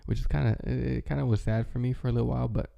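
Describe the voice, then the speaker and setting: A man's voice: mid-range voice, steady tone, rapid-fire, creaky, highs cut off. A man in casual, rambling chat as a vlogger, with many fillers and restarts. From American Midwest. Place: home, with his dog nearby.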